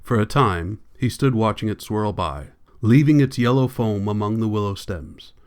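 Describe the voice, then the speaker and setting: A man reading a novel aloud as an audiobook narrator, in a plain, unhurried manner, lightly voicing the characters' lines. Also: lowish voice, clean tone. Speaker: audiobook reader.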